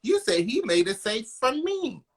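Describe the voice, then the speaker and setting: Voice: mid-range voice, sing-song, a little slow. A moderator summarizing panelists' points in an affirming way.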